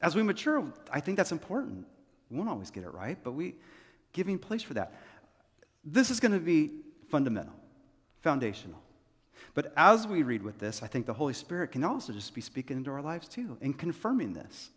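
A man's voice: on the high side, very animated, fairly quick, breathy edge. A man who is a senior pastor, giving an earnest, conversational sermon to his congregation and repeating key phrases. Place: church sanctuary. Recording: long hall reverb.

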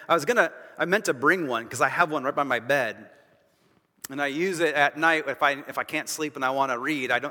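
A man's voice: fairly high pitch, bright, forceful tone. A man preaching a sermon as pastor, emphatic and repeating phrases for stress, with casual asides to the congregation. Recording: long reverb of a large hall.

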